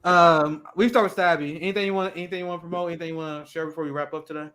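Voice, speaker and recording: Young male podcast host, high bright voice, swearing and mocking in loose banter. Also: steady tone, very fast. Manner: profane, ranting, mocking impressions. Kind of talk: casual chat.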